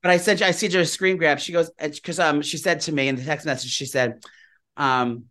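A man's voice: fairly high pitch, fairly even intonation, sharp tone. A man co-hosting a podcast, telling gossipy stories in a casual chat. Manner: rapid-fire gossipy storytelling. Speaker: podcast co-host.

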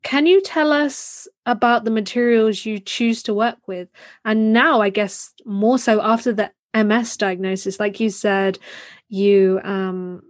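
A woman hosting an interview, mostly listening and then asking measured questions. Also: mid-range voice, fairly even intonation, no room sound, clean studio sound. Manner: attentive, short responses, measured questions. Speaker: podcast host.

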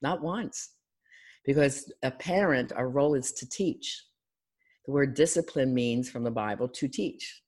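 A middle-aged woman from Philadelphia talks as a coach and counselor on a podcast. Her delivery is energetic and instructive. She slips into other people's voices to make a point. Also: extremely low pitch, normal speed. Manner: energetic, teacherly, acts out clients' voices. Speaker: life and love coach, counselor. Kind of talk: guest on an interview podcast.

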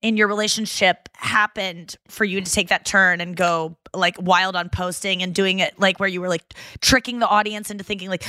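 A woman's voice: mid-range voice, fairly even intonation, moderate pace, hardly any pauses, sharp tone, no echo. A young woman from St. Louis hosting a casual podcast chat, rambling and laughing often. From St. Louis, USA. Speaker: podcast host.

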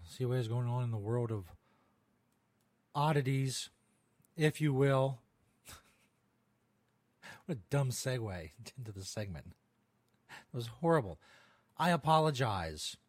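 A man's voice: medium pitch, no room sound. A man hosting a podcast, chatting casually as he reads odd news stories, laughing often, swearing and trailing off into rambling asides. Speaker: podcast host.

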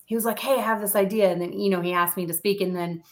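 A woman's voice: mid-range voice, fairly even intonation, fast talker. Woman podcast guest, sincere and thankful, conversational. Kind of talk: casual interview chat.

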